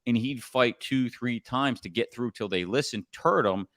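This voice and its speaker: A middle-aged man coaching on sales in a casual podcast chat, blunt and animated, sometimes swearing. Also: medium pitch, normal speed, no room sound, clean studio sound. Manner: blunt, animated storytelling with profanity.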